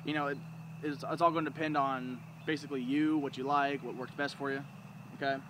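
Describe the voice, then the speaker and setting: A man's voice: medium pitch, steady tone, a little fast, background noise. A man giving a rambling, informal how-to lesson, often breaking into sounds to demonstrate. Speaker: duck calling instructor. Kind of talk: casual how-to video.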